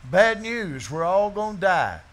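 A man's voice: sits high, very animated, measured pace, a bit bright. A man preaching a sermon to his congregation, telling folksy stories and firing off rhetorical questions. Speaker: pastor. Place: church before a congregation.

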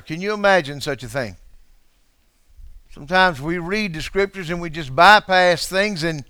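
A pastor preaching a dramatic sermon to his church, dropping to a hush and then rising to shouts, calling out to people in the pews. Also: a little high, normal speed, clean tone, no room sound. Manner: calls out to congregation members.

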